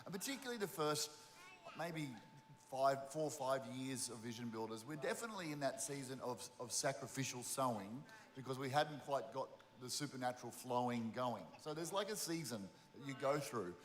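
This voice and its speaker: A man's voice: medium pitch, expressive, fairly quick. A man with an Australian accent, a pastor speaking earnestly in a conversational interview and often restarting his sentences. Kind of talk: interview about giving. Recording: long reverb of a large hall.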